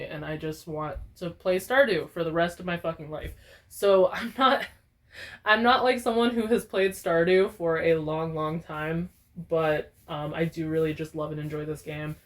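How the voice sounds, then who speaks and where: A young woman gaming vlogger, talking casually in an animated, profane, exaggerated rant. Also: lowish voice. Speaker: gaming YouTuber. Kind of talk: casual ranting vlog.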